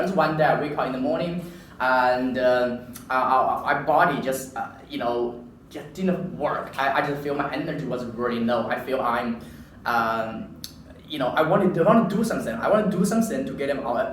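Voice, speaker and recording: A man giving a personal story speech to an audience, animated and halting, often repeating himself. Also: mid-range voice, slight background noise. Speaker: public speaker. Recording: echoey room from far off.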